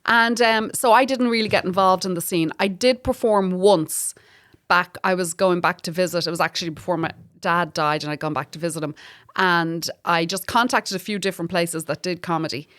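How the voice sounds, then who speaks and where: Her voice sits on the low side and moves at a normal speed; she's an Irish comedian guesting in a casual chat. She tells spirited stories, swears openly, and laughs often.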